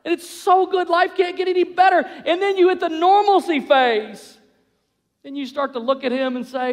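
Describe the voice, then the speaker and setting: A man preaching a sermon, animated, acting out the voices of couples as he goes. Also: very high-pitched, normal speed. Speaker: pastor. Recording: long hall reverb.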